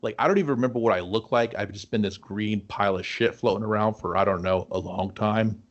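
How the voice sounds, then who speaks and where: A man's voice: lowish voice, fast talker, muffled recording, natural voice. A man voicing a sheepish green ghost who mumbles and hesitates as he begs for a way out. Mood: pleading. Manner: mumbling, hesitant, with many uh fillers.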